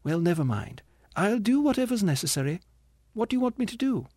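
A man's voice: high voice, very animated, a little fast, dry recording, clean studio sound, pitched above the performer's own voice. A man voicing a bitter, demanding woman's ghost. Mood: indignant, bitter. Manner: sharp, impatient and reproachful. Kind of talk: audiobook character reading.

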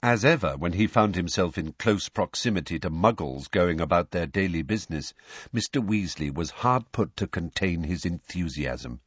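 Deep husky man reading a story. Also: normal speed, no echo, highs cut off. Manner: expressive, even-paced storytelling. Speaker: audiobook narrator. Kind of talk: scripted narration.

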